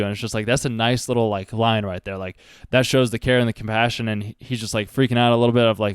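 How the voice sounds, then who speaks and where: A man talks quickly about an anime, drifting into earnest advice and leaning on "like" constantly. His voice is clean and smooth, recorded dry and close with no room sound. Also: mid-range voice, steady tone, dry recording. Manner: rambling, earnest, heavy use of "like". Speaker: anime reaction host. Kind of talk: casual commentary with life advice.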